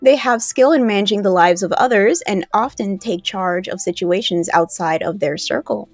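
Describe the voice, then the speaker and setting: A woman's voice: medium pitch, moderate pace, faint music behind. A woman with a mostly neutral American accent and a faint Southern edge, co-hosting a livestream, reading out segments in a chatty, playful way. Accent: neutral American, a little Southern at times. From New Jersey, raised in Florida. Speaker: co-host. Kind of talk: casual livestream chat, reading horoscope and history.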